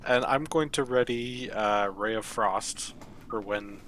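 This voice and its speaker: A man's voice: on the low side, slow pace, fairly bright tone, a little hiss or hum. A man playing a tabletop game, playful and laughing a lot. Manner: playful, laughing, hamming up a mock accent. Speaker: player. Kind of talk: tabletop game play on a livestream.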